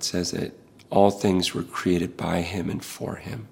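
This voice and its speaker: A man's voice: deep voice, flat delivery, slow pace, gravelly, a little mellow, slightly rough. A middle-aged male pastor speaking in an earnest, preaching style, impassioned and pleading, repeating words as he builds.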